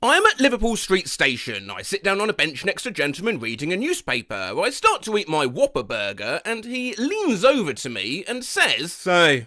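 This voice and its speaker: Lively high-voiced man reading comedy. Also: normal speed, few pauses. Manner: lively, mock-dramatic, jumps between put-on voices. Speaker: comedy narrator reading out messages. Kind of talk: comic reading with silly voices.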